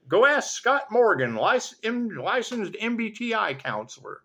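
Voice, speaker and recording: A man giving a rambling spiritual monologue as a tarot reader, swearing constantly, laughing often and swinging between loud outbursts and low mutters. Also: big pitch swings, takes it slowly.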